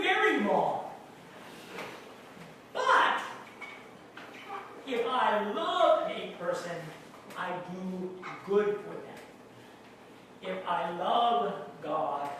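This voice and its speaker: Slow, deliberate pastor in echoey hall. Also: male voice, high voice, big pitch swings, sharp tone, a little hiss or hum. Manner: slow, deliberate, asks the congregation questions. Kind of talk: sermon. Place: church hall. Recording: very echoey room, mic far off.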